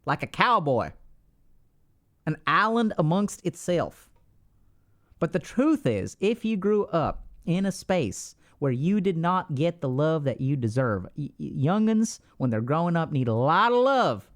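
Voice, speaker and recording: A man's voice: a little high, very animated, measured pace. A man putting on a Texan accent to play a folksy, drawling adviser full of homespun sayings. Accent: put-on Texan drawl.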